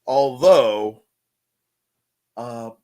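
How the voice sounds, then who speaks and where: A man's voice: medium pitch, very slow, mellow. A man hosting a casual live chat show, playful and jokey, often breaking into silly voices. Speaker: host.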